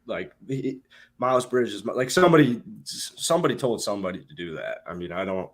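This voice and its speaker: A man's voice: lowish voice, lively intonation, a little fast. A young man co-hosting a casual talk show, giving blunt, laid-back reactions. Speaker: co-host. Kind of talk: casual chat.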